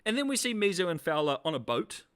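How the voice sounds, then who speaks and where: A man giving casual, sarcastic commentary as a video reviewer, laughing often and animated. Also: sits high, fast talker, clean tone.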